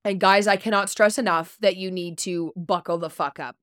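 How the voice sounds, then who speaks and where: A woman's voice: medium pitch, steady tone, moderate pace, fairly bright tone, dry recording, studio quality. A woman hosting a podcast, reading a prepared story segment in a blunt way, swearing casually and stumbling over unfamiliar names. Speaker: podcast host.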